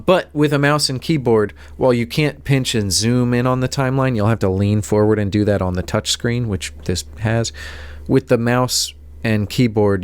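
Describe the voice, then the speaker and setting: A man's voice: on the low side, clear, resonant tone, dry recording. A man vlogging about tech gear in a casual, rambling, self-deprecating way, full of fillers. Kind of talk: casual rambling talk to camera.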